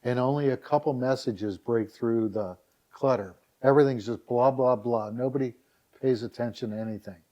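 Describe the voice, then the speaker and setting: Older guy telling stories on a podcast, mellow dark voice, gets animated doing other people's lines. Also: medium pitch, normal speed, dull audio. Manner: animated, acts out quotes in a raised voice. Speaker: guest, dating site founder. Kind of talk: casual interview storytelling.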